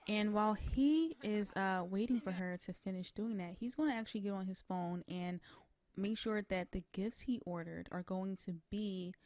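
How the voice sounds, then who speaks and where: A young woman narrates her life-sim gameplay in a casual, rambling style, leaning on fillers and tangents. Her pitch is mid-range and ordinary. The sound is dry and close, recorded on a desk mic with no room around it. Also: a little mellow, dry recording. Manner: rambling, heavy on fillers like "you know, like". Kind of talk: casual let's-play narration.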